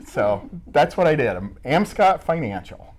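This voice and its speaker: A man's voice: on the high side, sing-song, a little slow, darkish tone. A middle-aged man from Iowa, answering interview questions in a casual, joking way and teasing himself as he tells stories. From Midwest US, Iowa. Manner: joking, self-mocking storyteller. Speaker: school staff member being interviewed.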